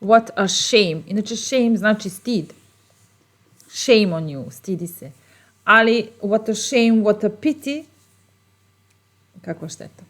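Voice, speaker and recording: A woman with a Serbian accent teaching short English phrases, repeating each one slowly and explaining patiently. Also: medium pitch, animated. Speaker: language teacher. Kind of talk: bilingual phrase lesson.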